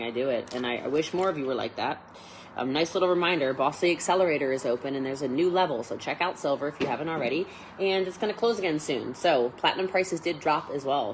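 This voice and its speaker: A woman's voice: low voice, slight background noise, low-quality recording. A woman coaching network marketing in a casual livestream, chatty and rambling with many fillers.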